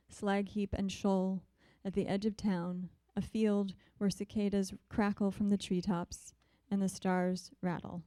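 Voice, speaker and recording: A woman poet reading her poems in a measured, deliberate way, with soft, hesitant asides between them. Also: mid-range voice, clear, resonant tone, dry recording. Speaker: visiting poet. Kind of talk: poetry reading.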